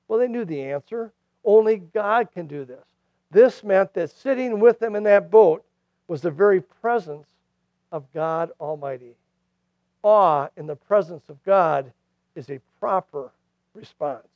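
High-voiced man preaching with dramatic swings. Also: unhurried, dry recording, dull audio. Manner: dramatic swings between loud emphasis and hushed lines. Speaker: pastor. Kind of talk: sermon.

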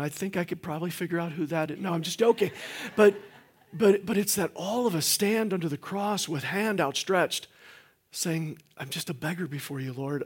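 A middle-aged guest pastor preaches a sermon in a church sanctuary, folksy and joking, with plenty of fillers and restarts. His voice is husky and fairly high-pitched.

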